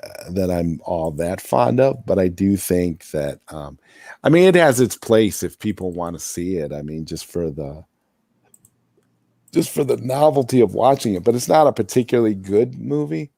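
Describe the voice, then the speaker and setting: Man, very low voice, mellow tone, casual co-host, rambling and hesitant. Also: lively intonation, moderate pace, gravelly, dry recording, studio quality. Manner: rambling, restarting, hedging with "I mean" and "you know". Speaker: podcast co-host. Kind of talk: casual chat.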